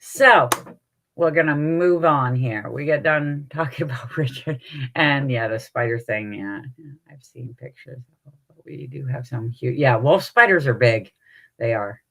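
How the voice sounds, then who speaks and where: A middle-aged woman hosting a live stream, telling stories to her chat in an animated, salty way and laughing often. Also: sits low. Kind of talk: casual chat with viewers.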